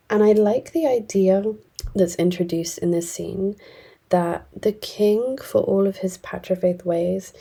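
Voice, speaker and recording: A woman casually retells a fantasy novel's plot for her video review, chatty and blunt, scattering fillers as she talks. Her voice sits low and husky. The tone is mellow and relaxed. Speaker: book reviewer.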